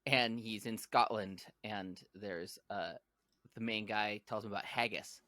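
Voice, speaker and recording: A man with a low but bright, forceful voice, recorded close and dry. He talks eagerly on a casual podcast and gets carried away when he tells a story. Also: fairly even intonation, unhurried, no room sound. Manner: enthusiastic storyteller, recaps movies. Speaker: podcast co-host. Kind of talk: casual chat.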